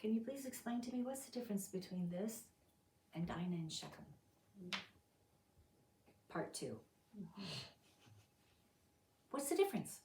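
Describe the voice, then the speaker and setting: A woman's voice: mid-range voice, lively intonation, moderate pace, long pauses, distant mic, a little hiss or hum. A woman teaching a Bible study, telling the story dramatically and acting out the characters' lines. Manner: dramatic, acts out quotes with sudden loud outbursts. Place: fellowship meeting room. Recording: roomy sound from off the mic.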